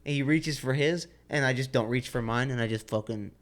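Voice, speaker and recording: A man's voice: mid-range voice, fairly quick. A young man co-hosting a comedy podcast, telling a story with lots of acted-out voices, sound effects and laughter. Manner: animated storytelling, acts out characters with loud sound effects and laughter. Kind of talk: casual comedic banter.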